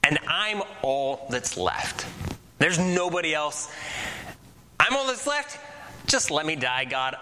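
A man's voice: fairly high pitch, sing-song, takes it slowly, long pauses, pushed and bright, a little hiss or hum, full character voice. Man voicing a worn-out pleading prophet. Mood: despairing. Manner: pleading, exhausted. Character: weary despairing male prophet at his end.

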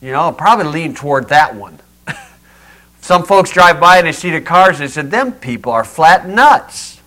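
A man delivers a sermon in a small church, his voice bright and ringing, a touch higher than most men. He drives home each point with sharp rhetorical questions and lightens it with down-home humor. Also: brisk. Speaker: pastor.

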